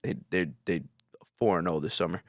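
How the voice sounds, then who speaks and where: A man's voice: deep voice, brisk, no echo. A young man co-hosting a casual podcast. He talks emphatically and hypes everything up, often cutting in on the others. His voice sounds dry and close. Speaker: podcast co-host.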